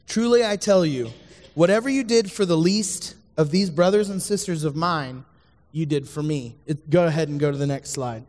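A man's voice: sits high, big-room sound. A man giving a casual, joking sermon who keeps checking in with his audience.

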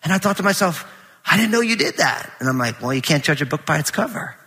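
A middle-aged man preaching a conversational sermon in a large church auditorium, animated and full of anecdotes with quoted dialogue. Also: fairly high pitch, quick pace, breathy edge, long reverb tail. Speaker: pastor.

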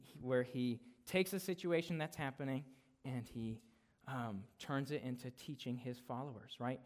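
A man preaching an expository sermon as a guest speaker in a conversational way. He often adds a quick "right?" and gets louder to stress a point, then drops soft to close it. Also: medium pitch.

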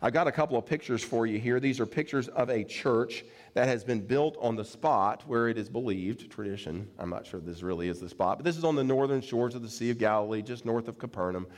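A man's voice: mid-range voice, a little fast, few pauses, big-room sound. A man preaching a sermon, retelling a scripture story in a conversational, plain-spoken way with casual fillers. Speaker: pastor.

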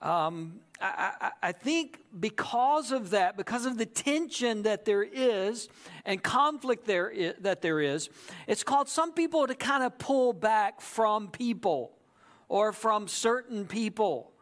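A man's voice: sits high, lively intonation, slow, a bit bright. A man preaching a sermon in a conversational way, often checking in with the audience. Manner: conversational, repeats "right?" to the audience. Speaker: pastor.

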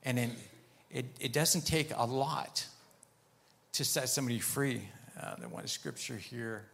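A man's voice: mid-range voice, creaky, a bit bright. Man preaching a storytelling sermon. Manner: storytelling, pausing to retell conversations; firm and emphatic on commands.

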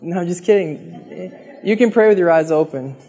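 A man's voice: high voice, normal speed, mellow, husky. A man preaching a sermon in an earnest, conversational way, talking straight to the congregation and acting out pleading prayers. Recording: long reverb of a hall.

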